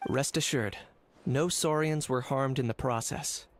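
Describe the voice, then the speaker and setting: An actor playing a composed adult man in a game, speaking in a calm, measured, matter-of-fact way. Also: medium pitch, lightly acted. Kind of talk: game voice acting.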